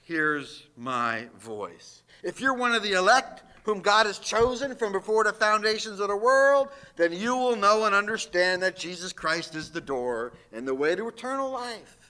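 A man's voice: high-pitched, expressive, normal speed, few pauses, bright, forceful tone. A man preaching a sermon, emphatic and full of rhetorical questions aimed at his listeners. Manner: slips into mocking quoted voices.

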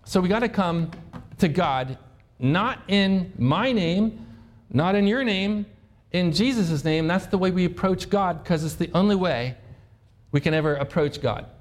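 A man with a notably high-pitched voice preaches a sermon. He keeps it conversational, throwing questions out to his listeners and acting out prayers in his own voice. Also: expressive, unhurried. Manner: conversational, asks the congregation questions. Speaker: pastor.

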